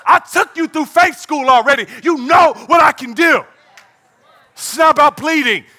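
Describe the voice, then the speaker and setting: A preacher putting on an all-powerful God who lectures insistently. He sounds stern and sure, spelling out his power point by point. It is sermon role-play with a bright, ringing edge. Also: extremely high pitch, normal speed, pitched above the performer's own voice, exaggerated voice. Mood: commanding.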